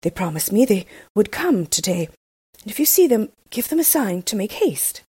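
A woman voicing a frightened young husband who pleads and cries out in a high voice. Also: big pitch swings, normal speed, warm tone, slightly rough, no room sound, studio quality. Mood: pleading.

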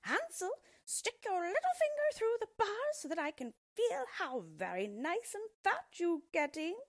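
A woman putting on a shrill scolding old witch. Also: sing-song, measured pace, no room sound, clean studio sound, full character voice. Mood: wheedling. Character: cruel old half-blind witch, shrill and impatient.

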